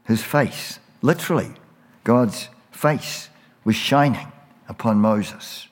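A man preaching a sermon as a pastor, slow and emphatic, repeating phrases for weight. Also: fairly low pitch, long reverb tail.

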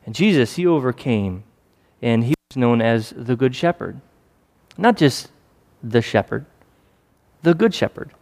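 A man delivers a sermon in an easy, conversational tone, now and then acting out short scenes. His voice sits at an ordinary middle pitch. It rings with the long reverb of a large hall. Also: expressive, unhurried, darkish tone. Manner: conversational preaching with acted-out asides. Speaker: preacher.

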